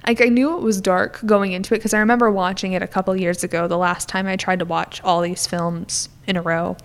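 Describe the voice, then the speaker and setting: Woman, podcast co-host, casual film chat, chatty, lots of fillers, middle pitch. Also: level tone, fairly quick. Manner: chatty, retells scenes with lots of "like".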